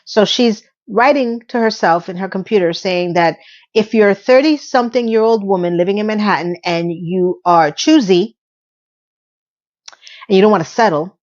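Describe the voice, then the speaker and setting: A woman's voice: mid-range voice, dull audio. Chatty, sassy woman recapping a show. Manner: chatty and sassy, with playful asides and self-corrections. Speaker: video host. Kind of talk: casual episode recap commentary.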